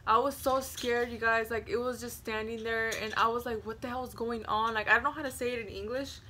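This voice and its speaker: A woman in her twenties, a vlogger telling a story to camera in a rambling, casual way, full of "like" fillers, hushing at the scary parts. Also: fairly high pitch, fairly even intonation, brisk, slight background noise.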